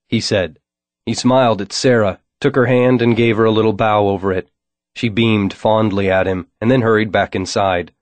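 Low-voiced wry first-person narrator. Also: male voice, normal speed, no room sound. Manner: wry, deadpan. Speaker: audiobook narrator.

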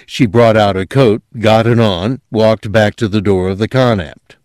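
A man narrating an audiobook in an expressive, dramatic reading style. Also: lowish voice, a little slow, dry recording, clean studio sound.

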